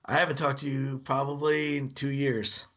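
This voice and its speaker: A man's voice: medium pitch, little pitch movement, moderate pace, a bit bright. A man chatting as a podcast guest, telling long stories with lots of swearing. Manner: profane, rambling storyteller. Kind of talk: casual chat.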